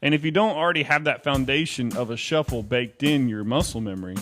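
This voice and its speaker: A man's voice: medium pitch, brisk, fairly bright tone. Guy giving a laid-back drum lesson, counts out triplets, faint drums and music behind. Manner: chatty, counts rhythms aloud. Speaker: drum teacher. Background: drum kit playing.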